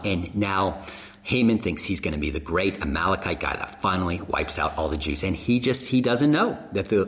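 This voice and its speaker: A man preaching a sermon, telling the story with animated emphasis and rhetorical questions. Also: low-pitched. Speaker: pastor. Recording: echoey hall.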